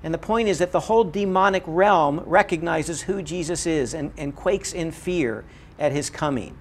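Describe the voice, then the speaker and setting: A man delivers a Bible lecture in an earnest, emphatic way, circling back to repeat his key points. His voice sits a little higher than most men's. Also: normal speed. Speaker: Bible teacher. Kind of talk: recorded lecture.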